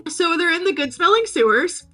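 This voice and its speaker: A woman hosting a podcast, recapping a film in a casual, sweary, animated way. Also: very high-pitched, brisk, faint music behind. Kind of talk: casual chat.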